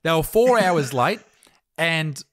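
A man's voice: on the high side, animated, slow pace, fairly bright tone, no room sound, clean studio sound. A young Australian man hosting a podcast, telling crude jokey stories and laughing as he goes. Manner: crude, joking, laughs mid-story. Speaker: podcast host. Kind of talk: casual comedic chat.

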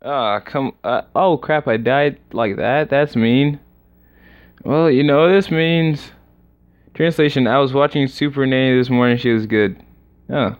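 A young man casually commenting on a game during a livestream, excitable and rambling as he reacts aloud. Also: medium pitch, unhurried. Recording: slightly dull lo-fi recording.

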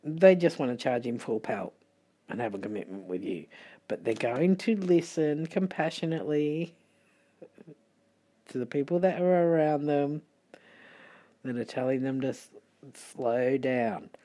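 Middle-aged Australian tarot reader, sleepy, mellow and husky, unhurried chatty delivery. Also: medium pitch. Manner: chatty and rambling, with muttered asides. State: sleepy, late at night. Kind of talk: casual tarot reading.

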